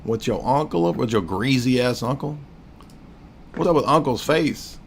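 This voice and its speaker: A man in his forties hosts a casual livestream, mocking and joking as he rambles through his commentary. His voice sits at an ordinary, mid-range pitch. He restarts his sentences often. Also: animated, unhurried, vocal fry, slight background noise. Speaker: livestream host.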